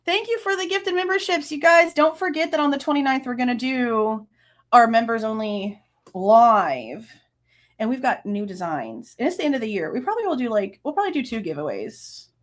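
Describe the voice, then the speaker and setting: A woman's voice: a little high, sing-song, moderate pace. Angry woman livestream host. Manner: angry, swearing, laughing between outbursts. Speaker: true crime livestream host. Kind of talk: casual livestream rant.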